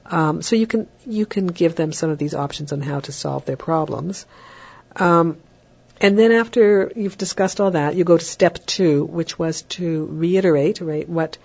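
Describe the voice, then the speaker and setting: Low husky woman giving parenting advice. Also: darkish tone. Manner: measured, with frequent ums and tag questions. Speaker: parenting advisor. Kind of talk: explanatory advice talk. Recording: dull lo-fi recording.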